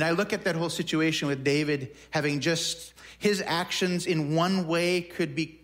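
A man's voice: a little high, a bit bright. A man preaching a sermon in a conversational way, often repeating words as he works through a thought. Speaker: pastor.

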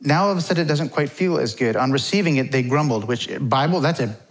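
A man's voice: mid-range voice, animated, fast talker. A middle-aged man preaching a conversational sermon as pastor, informal and chatty. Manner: informal, chatty, acts out quotes.

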